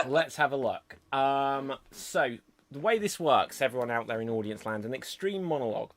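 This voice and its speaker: A man hosting a live online improv comedy show over a video call, upbeat and brisk as he explains the games. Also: medium pitch, animated.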